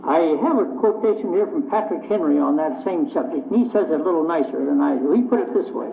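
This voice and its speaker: An older man with a high voice gives a folksy, plainspoken speech to a club audience and acts out both sides of the conversations he recounts. It sounds like an old vinyl record, tinny and narrow, with echo from the hall and a faint hiss. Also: fast, vocal fry, hardly any pauses. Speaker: speaker addressing a club luncheon. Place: meeting hall.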